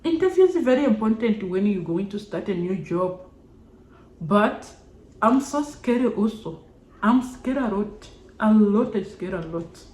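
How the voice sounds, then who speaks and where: A woman's voice: mid-range voice, expressive, measured pace, a little mellow, close to an everyday voice. A woman imitating a nervous friend with an Indian accent who worries about a job interview, speaking in broken, repetitive phrases. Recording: roomy echo.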